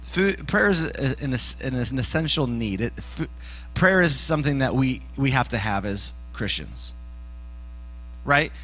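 A man giving a casual youth sermon as a youth pastor, animated and joking, often climbing to shouts. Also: mid-range voice, measured pace, faint music behind, low-quality recording. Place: church youth service.

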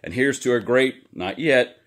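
A man's voice: mid-range voice, unhurried, a bit bright. A man hosting his own talk show, giving a chatty, upbeat update to his viewers from his home office, a little out of breath. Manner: upbeat and chatty, talking straight to his audience. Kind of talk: casual video update to viewers.

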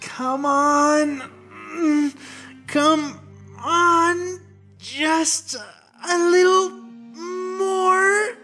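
A man's voice: on the high side, animated, a little slow, fairly bright tone, faint music behind. A man voicing a determined, wry young alien woman warrior in a fan fiction audiobook, panting and straining under effort.

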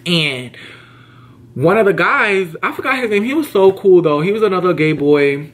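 A young man telling a casual storytime to camera, slangy and emphatic, often jumping his pitch up high to act out what people said. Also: normal speed. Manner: animated, slangy and emphatic, acts out quotes with big pitch jumps. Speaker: vlogger.

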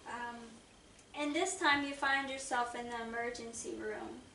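A woman hosting an interview, asking gentle, guiding questions and recapping her guest's story. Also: fairly high pitch, steady tone, measured pace. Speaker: host. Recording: echoey room, mic far off, faint noise.

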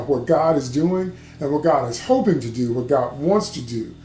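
A man's voice: on the high side, mellow. Emphatic male preacher in an echoey room. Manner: emphatic, repeats key words, asks "okay?" often. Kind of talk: livestreamed sermon teaching. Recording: echoey room, faint background hum.

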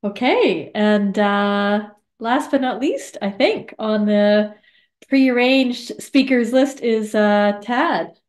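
A woman's voice: mid-range voice, takes it slowly, darkish tone, reverberant. A woman hosting a memorial video call and introducing the speakers. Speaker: event host.

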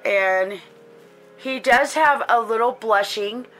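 A woman hosts a chatty doll-collecting vlog, doting and gushing over each little detail. She talks to her viewers casually, with plenty of ums and soft asides. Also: a little high, takes it slowly. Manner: gushing, doting, many fillers. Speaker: doll collector and channel host.

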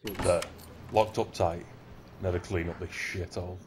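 Grumpy cursing shop clerk, kinda low, sarcastic mutters in a game. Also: male voice, fairly even intonation, a little slow, crowd noise. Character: grumpy, foul-mouthed young male video shop clerk.

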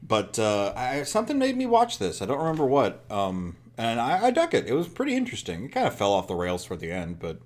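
A man's voice: medium pitch, huge pitch swings, quick pace, hardly any pauses. A man co-hosting a casual movie podcast, chatting loosely and reading film quotes aloud with laughter. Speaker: podcast co-host. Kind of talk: casual chat about movies.

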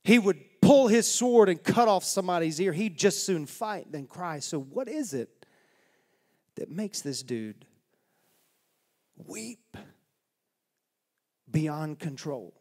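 A man's voice: high-pitched, animated, slow, long pauses, a little mellow. A male pastor preaching a sermon in a church, telling a story in a dramatic, folksy way. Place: church sanctuary. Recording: long reverb of a church hall.

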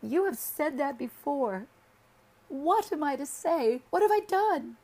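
A woman's voice: sing-song, slow pace, a little mellow, breathy edge, exaggerated voice. A woman voicing a lonely, anxious young wife who pleads in a raised, tearful voice, read as a storybook figure. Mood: pleading. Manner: pleading, tearful, higher pitched.

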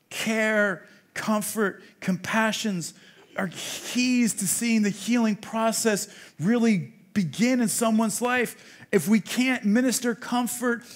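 High-pitched man preaching emphatically. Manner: emphatic preaching that swings from soft to loud, with rhetorical questions. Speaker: rabbi. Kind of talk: sermon. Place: congregation meeting room.

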